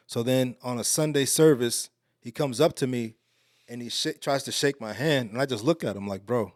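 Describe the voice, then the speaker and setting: A man from Texas, a podcast guest, telling a story in a casual, slangy, animated way. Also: dry recording, clean studio sound. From Alief, Houston, Texas. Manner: animated, slangy, getting louder and higher as the story builds.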